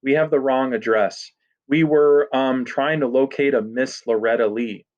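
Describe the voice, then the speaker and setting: A man's voice: medium pitch, unhurried, close to an everyday voice. A man voicing a small, clever, frightened boy who speaks in an overly formal way. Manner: formal, nervous. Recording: dull lo-fi recording.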